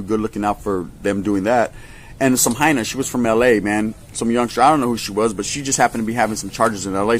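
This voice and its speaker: A man's voice: medium pitch, slight background noise. A man tells a story from his past in casual slang, swearing often and acting out other people's voices. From California. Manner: animated, acts out voices, swears a lot.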